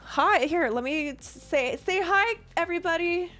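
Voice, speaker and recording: A woman streaming as dungeon master, narrating combat and chatting with viewers in a quick, casual way. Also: extremely high pitch, expressive, pushed and bright, faint music behind. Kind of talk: narrating a tabletop game on stream.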